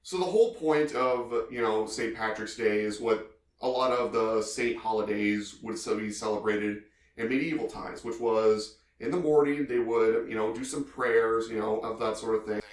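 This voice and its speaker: A man's voice: lowish voice, moderate pace, reverberant. A man co-hosting a podcast, telling stories in a rambling, casual way full of filler phrases. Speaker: podcast co-host.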